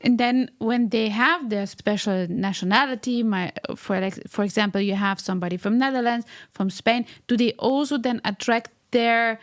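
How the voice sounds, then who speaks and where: A woman's voice: a little high, fairly even intonation, moderate pace, few pauses, no room sound. Dry-sounding woman interviewer. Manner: conversational, frequent affirming murmurs. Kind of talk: interview questions.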